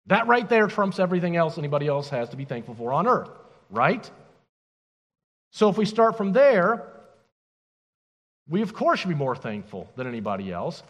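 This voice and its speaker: Animated preacher man in an echoing hall. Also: sits high. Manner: animated, emphatic preaching with rhetorical questions. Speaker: pastor. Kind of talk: sermon. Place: church.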